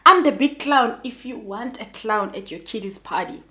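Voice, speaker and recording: A woman's voice: a little high, moderate pace, noisy background. A young South African woman with a South African accent, telling a personal story in a casual, chatty way and talking straight to her viewers. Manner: animated, chatty, addresses viewers as guys. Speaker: YouTuber.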